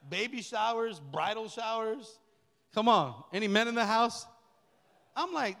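A middle-aged man, a pastor, delivering a lively, colloquial sermon that repeats key phrases. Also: high voice, a little slow, creaky. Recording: long reverb of a large hall.

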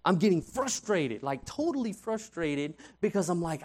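A man's voice: high voice, normal speed, hardly any pauses. A man preaching a conversational sermon as a youth pastor, telling stories animatedly and asking "right?" often. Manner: animated storytelling, frequent "right?" asides.

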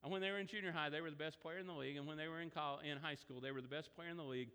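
Bright-voiced man preaching a sermon. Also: very fast, clear, resonant tone, in a large hall. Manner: conversational storytelling, animated pitch swings. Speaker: pastor.

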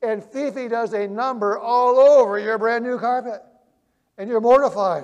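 A male preacher telling vivid illustrations, swinging from loud emphasis to hushed quiet. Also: extremely high pitch, moderate pace, long reverb tail. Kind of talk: sermon.

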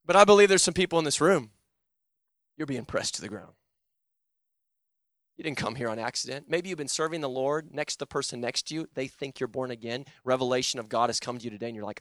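A young man preaching a sermon and telling his own conversion story, swinging between loud urgent pleading and low, quiet intensity. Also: brisk, long pauses, dry recording, clean studio sound. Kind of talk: sermon with personal testimony.

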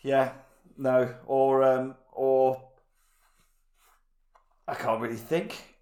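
Brief: man in mid pitch, dry teasing co-host steering a podcast. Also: flat delivery, drawn-out words, a little mellow. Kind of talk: casual banter among friends.

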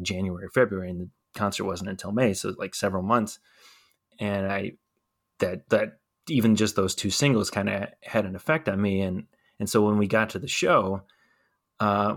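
A man co-hosting a podcast, chatting casually in a relaxed, rambling way with many fillers. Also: on the low side. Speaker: podcast co-host. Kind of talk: casual chat.

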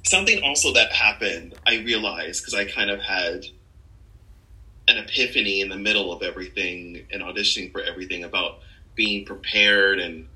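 A man, an actor, talking about his career as a guest in a relaxed podcast conversation, laughing often as he tells stories. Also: low voice, moderate pace, poor audio. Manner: laughs often, animated storytelling. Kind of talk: casual conversation.

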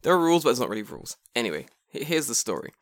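A man's voice: medium pitch, very fast, no room sound. Podcast co-host, young man, casual and swearing, dry studio voice. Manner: profane, animated storytelling with acted quotes. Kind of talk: casual storytelling chat.

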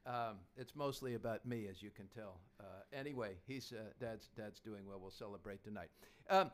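A man's voice: on the low side, normal speed. A man in his fifties hosting a podcast, talking casually about investing in a chatty, anecdotal way. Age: 50s. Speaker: podcast host.

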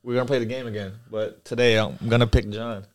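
A man's voice: lowish voice, fairly even intonation, fast. A man co-hosting a podcast, chatting in an upbeat, encouraging way. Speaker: podcast co-host. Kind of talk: casual podcast chat.

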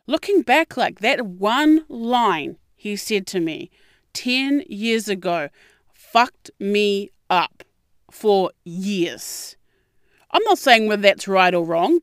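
A young adult woman with a mid-range voice hosts a podcast and tells a personal story in a casual storytelling monologue. She's candid and expressive, swears freely, and acts out quotes, all in studio-quality sound without echo.

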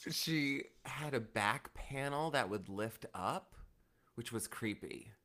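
Podcast co-host, male, animated and joking, bright tone. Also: mid-range voice. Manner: animated, laughing, quick asides and impressions. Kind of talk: casual chat.

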